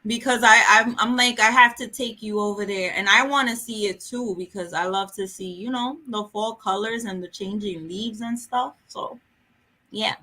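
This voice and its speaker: A woman's voice: medium pitch, normal speed, pushed and bright. A woman hosting a book vlog, chatting casually and jokingly with viewers during a livestream. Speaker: book vlogger host. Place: home in a city.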